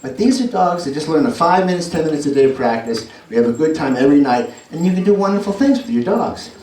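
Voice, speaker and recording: A man's voice: on the high side, animated, fast. A man with a New York accent performing a live dog trick show, chatting to the audience and cueing his dogs. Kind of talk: live stage show with commentary. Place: indoor venue with an audience. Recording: roomy live hall audio from far off with loud noise.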